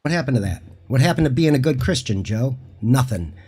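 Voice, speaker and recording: A man's voice: mid-range voice, expressive, fairly quick, a little mellow, slightly rough. A man appearing as a guest on a casual livestream, combative, sarcastic and profane.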